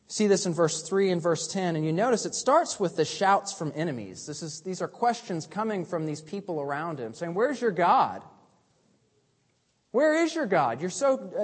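A man preaching a sermon as pastor. He moves between urgent, raised lines and hushed, quiet ones. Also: sits high. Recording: long reverb of a large hall.

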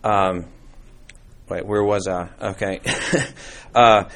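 A man with a fairly low voice leads a church Bible class. His talk is casual and meandering, full of restarts and fillers. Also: lively intonation, a little slow, vocal fry. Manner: conversational, rambling with restarts and fillers. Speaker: church teacher. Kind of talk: informal Bible class teaching.

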